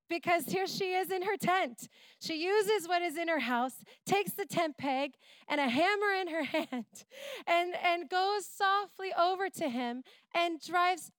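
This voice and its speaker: A middle-aged woman preaching a sermon in church, retelling a story with playful asides and animated energy. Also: sits high, dry recording. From Canada.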